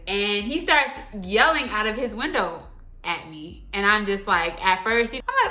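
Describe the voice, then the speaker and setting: A young adult woman tells a story to her audience in a chatty, slangy way. Her voice is bright and forward, at an ordinary pitch. She talks with animated, conversational energy. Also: moderate pace. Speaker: vlogger. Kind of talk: casual storytime vlog.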